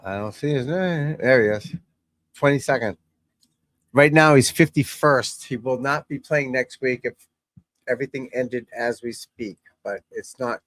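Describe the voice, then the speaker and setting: A man's voice: mid-range voice, unhurried, fairly bright tone, no echo. Blunt, rambling middle-aged man, dry sound. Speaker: golf instructor and channel host. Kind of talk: casual chat while watching golf on TV.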